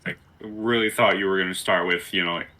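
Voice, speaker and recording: A man running a tabletop game as game master, calmly explaining the setup step by step. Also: low voice, fairly quick.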